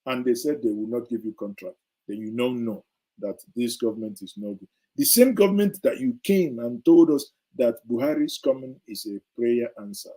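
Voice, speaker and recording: A middle-aged man delivers heated political commentary in an indignant, sarcastic tone. His voice is dark and husky, and he drives points home by repeating them. The delivery is that of a show host speaking his mind. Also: mid-range voice, normal speed, poor audio.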